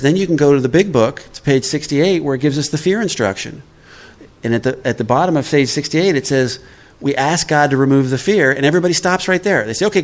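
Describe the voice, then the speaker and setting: A man giving a recovery workshop talk in a conversational way, often checking in with his listeners. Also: a little high. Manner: conversational, checks in with "all right?". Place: live workshop.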